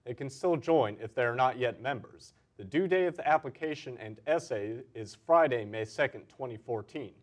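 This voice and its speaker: Teen boy announcer, mid-pitched, steady school-news read. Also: moderate pace, few pauses. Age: teens. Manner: steady, clear read with stressed headlines. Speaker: student announcer.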